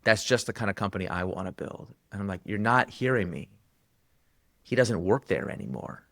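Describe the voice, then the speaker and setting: Low gravelly male guest, animated storyteller, dry close sound. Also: dry recording. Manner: animated, acts out quoted dialogue with quick pitch jumps. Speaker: guest author. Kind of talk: conversational storytelling.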